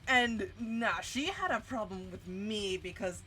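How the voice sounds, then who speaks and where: A woman streamer telling a story in a casual, animated rant full of swearing, with big jumps in pitch. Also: unhurried, slight background noise. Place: home streaming setup. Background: faint music.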